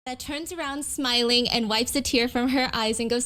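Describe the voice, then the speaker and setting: A woman's voice: fairly high pitch, fairly even intonation, a little fast, bright, forceful tone, clear, resonant tone. A woman narrating a story video in an explanatory tone, with commentary woven in. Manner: explanatory, acts out quotes.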